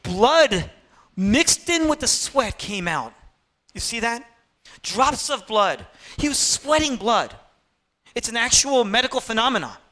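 Impassioned preacher with a lively high voice. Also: male voice. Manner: impassioned, swinging from loud emphatic peaks to hushed low passages. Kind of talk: sermon.

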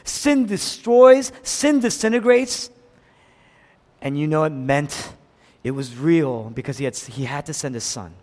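A man preaching a sermon, swinging from loud cries down to hushed, near-whispered lines. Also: medium pitch, animated, unhurried. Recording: long hall reverb.

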